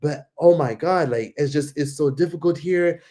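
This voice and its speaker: A man's voice: a little high, moderate pace, dark tone, natural voice. A man voicing a friendly, pleading young male stranger who repeats himself to reassure the listener. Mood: wistful.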